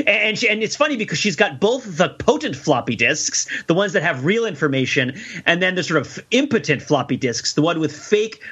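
A man's voice: sits high, sharp tone, husky, highs cut off. A man co-hosting a casual film podcast, talking in a wry, rambling way and laughing at his own jokes. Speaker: podcast co-host discussing a film. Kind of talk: casual chat.

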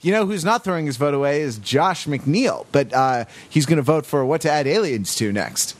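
A man's voice: a little high, animated, normal speed. A man hosting a casual podcast, joking with his co-hosts and introducing the next topic. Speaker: podcast host.

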